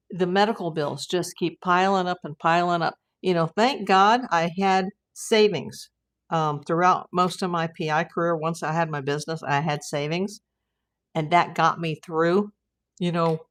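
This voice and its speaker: A middle-aged American woman hosting a casual livestream, rambling through viewer comments with lots of fillers and restarts. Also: on the low side. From United States. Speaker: private investigator livestream host.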